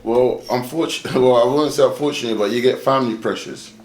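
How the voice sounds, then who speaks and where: A man's voice: medium pitch, rapid-fire. London man telling stories in a roomy space. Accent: London English. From London, England. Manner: animated storyteller, acts out quoted voices. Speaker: interview guest. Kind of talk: casual storytelling interview.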